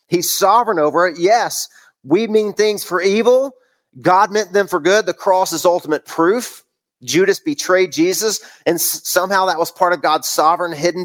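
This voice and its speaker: Earnest male preacher with emphatic delivery. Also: sits high. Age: adult parent of several kids. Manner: earnest, emphatic, repeats phrases. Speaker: pastor. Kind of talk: sermon.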